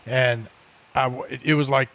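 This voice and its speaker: A man co-hosting a podcast in casual chat, telling stories and acting out the quotes with sudden jumps in pitch. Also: fairly even intonation, unhurried, vocal fry, a bit bright. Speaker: podcast co-host. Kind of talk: casual chat, animated storytelling.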